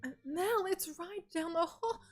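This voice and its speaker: A woman voicing an energetic young woman secretary who talks in a rushed, breathless way. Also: very high voice, voice pushed up. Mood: hurried.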